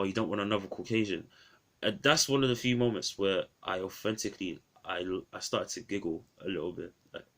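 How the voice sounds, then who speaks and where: A man's voice: sits low, a bit bright. A man reviewing an old film in a casual, rambling vlog, often restarting his phrases.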